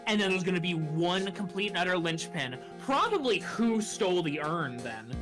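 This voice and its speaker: Lively woman streamer over game music. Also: fairly low pitch, moderate pace. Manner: excited, profane, chatty. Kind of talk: casual let's play, reading dialogue aloud. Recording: game music playing behind.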